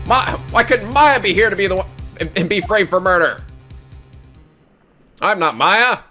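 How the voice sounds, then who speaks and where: A man giving casual, joking gameplay commentary, excitable and swearing often. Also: sits high, moderate pace, long pauses, soft background music. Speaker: video game let's player.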